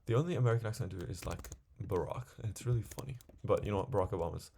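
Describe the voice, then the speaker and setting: Gravelly, low-voiced gamer rambling. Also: male voice, lively intonation, very fast, mellow, slight background noise. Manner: rambling, chatty, talks to himself while playing. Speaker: gaming video creator. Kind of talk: casual gameplay commentary.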